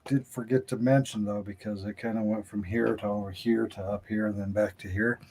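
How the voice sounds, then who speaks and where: A man's voice: fairly low pitch, steady tone, a little fast, a little mellow, a little hiss or hum. A man in a casual live chat, easygoing and joking, tending to ramble.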